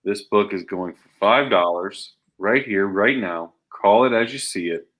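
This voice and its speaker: A man hosts a live comic and game sale, listing items and calling out prices. His voice sits low but sounds bright and forceful. His delivery is animated, and he acts out little voices from the stories. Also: measured pace, rough recording. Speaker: co-host selling comics. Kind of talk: live shopping stream pitch.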